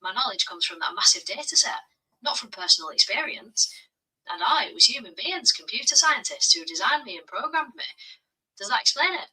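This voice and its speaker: Bright, breathy Black Country AI voice. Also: female voice, a little high, big pitch swings, brisk, far from the mic, poor audio. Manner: friendly, slangy, says bro. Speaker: AI voice assistant. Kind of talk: chatty AI assistant replies.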